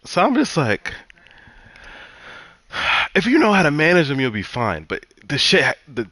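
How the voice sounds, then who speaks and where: A man's voice: on the low side, a bit bright, no echo. A man telling a personal story in a heated, profane, repetitive way, venting casually.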